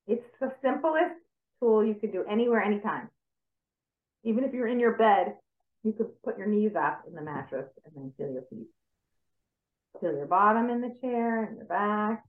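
A woman coach talks listeners through a grounding and breathing exercise in a calm, step-by-step way. Her voice comes through thin and phone-like, with an echo from the room around her. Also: mid-range voice, moderate pace. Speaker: stress coach. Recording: tinny call audio in an echoey room.

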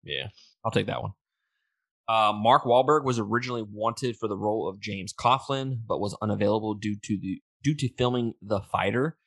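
A man's voice: on the low side, moderate pace, dry recording. A man co-hosting a casual movie podcast, reading trivia notes and chatting, with fillers, restarts and easy laughter. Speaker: podcast co-host.

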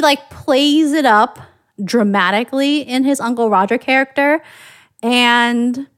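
This podcast host, an American woman, talks in a relaxed way, working through her thoughts aloud and frequently starting over. She has a fairly high pitch, and the studio-quality audio carries no echo.

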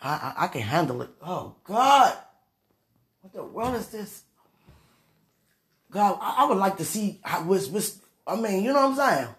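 A young woman vlogging from her bed in a casual confessional chat to viewers, sighing and muttering dramatic pleas to God, swinging between murmurs and loud outbursts. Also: mid-range voice, big pitch swings, unhurried, long pauses.

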